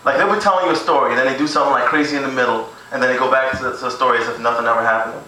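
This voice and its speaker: A man's voice: medium pitch, very fast, pushed and bright. Crude young guy rehearsing stand-up, echoey. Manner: crude, rambling, laughs at own jokes. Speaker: amateur stand-up comic. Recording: echoey room, far from camera mic.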